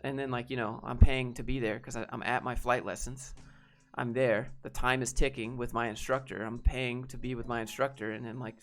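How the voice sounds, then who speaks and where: Young man, frustrated halting storytelling, middle pitch, faint music underneath. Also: flat delivery, a bit bright. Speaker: guest. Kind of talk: casual storytelling.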